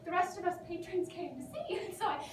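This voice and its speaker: An actress performing a self-absorbed, nervous young woman who rambles dramatically to her therapist, high in pitch and breaking into giggles. She sounds far from the mic in an echoey room, with noise clearly audible behind her. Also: quick pace. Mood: rambling. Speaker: actor performing a monologue. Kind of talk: theatrical comic monologue.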